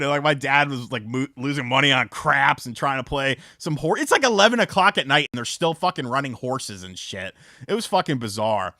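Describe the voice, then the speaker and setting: A man's voice: on the high side, very animated, brisk, sharp tone, no room sound. A man hosting a casual livestream, chatting with viewers and telling rambling, profane stories full of fillers on a close mic. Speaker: livestream host. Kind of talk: casual stream chat and storytelling.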